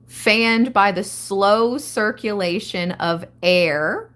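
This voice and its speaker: Slow-talking woman reading tarot live. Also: lowish voice. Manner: slow, reads card text then riffs excitedly. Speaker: tarot reader.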